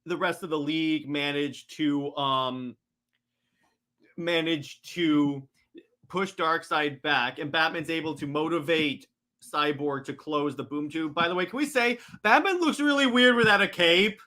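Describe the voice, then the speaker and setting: An excitable man recapping a comic book in a loose, rambling way, full of fillers and restarts. His voice is bright and forceful, sitting a little high. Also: unhurried. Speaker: comic reader.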